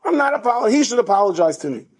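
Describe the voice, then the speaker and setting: A sulking, defiant teenage boy, as a male storyteller puts him on, whining his refusals over and over. The voice jumps high and sharp, and it sounds stuck and insistent. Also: big pitch swings, very fast, husky, exaggerated voice.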